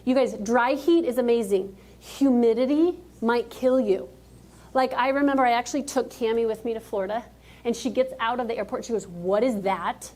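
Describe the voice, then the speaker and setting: A woman in her thirties with a fairly high voice gives a keynote speech on a conference stage. She is energetic and joking, and she keeps talking directly to the crowd in front of her. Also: fairly quick. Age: 30s. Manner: energetic, joking, talks straight to the audience. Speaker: motivational speaker. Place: conference stage before a live audience.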